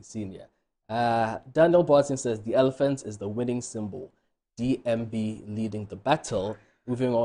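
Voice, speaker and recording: A Ghanaian male co-host reading viewer messages on air, steady, with dry asides. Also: mid-range voice.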